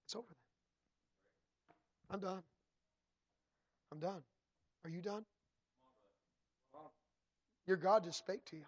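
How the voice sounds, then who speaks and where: A pastor in church, preaching and then leading a prayer that repeats "Lord" and "God" between phrases and builds to shouting. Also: male voice, high-pitched, slow, long pauses, breathy edge, dull audio. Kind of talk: sermon and prayer.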